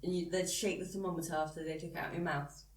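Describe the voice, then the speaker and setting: A woman's voice: on the low side, little pitch movement, very fast, recorded from a distance. A woman hosting a casual podcast, explaining things at length and laughing easily. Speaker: podcast host. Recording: roomy sound from off-mic.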